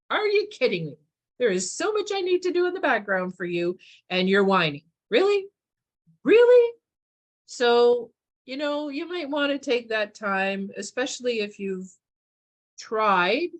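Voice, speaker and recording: A woman hosting a podcast, talking casually about gratitude and acting out quoted voices with big swings in pitch. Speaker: podcast host. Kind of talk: casual spiritual chat.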